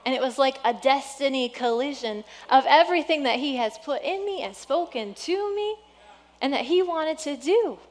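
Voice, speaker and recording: A woman pastor preaching a sermon in a church, earnest and exhorting, often dropping to a soft hush. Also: high-pitched, animated, moderate pace. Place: church sanctuary.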